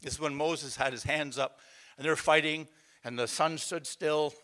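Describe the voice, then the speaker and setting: A man's voice: fairly high pitch, steady tone, moderate pace, bright, forceful tone. A man preaching a sermon, emphatic and calling out to the congregation, with a conversational storytelling manner full of restarts. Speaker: pastor.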